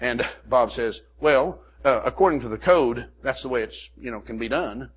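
A man's voice: mid-range voice, moderate pace, breathy edge. An older man preaching a sermon, telling a folksy personal story full of "amen" and "you know" asides. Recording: muffled lo-fi recording.

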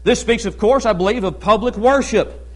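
A high-pitched male pastor gives a Baptist sermon. He talks in a loose, conversational way, often checks in with "amen?", and fills his pauses with "uh". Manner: conversational preaching, frequent "amen?" and "uh" fillers.

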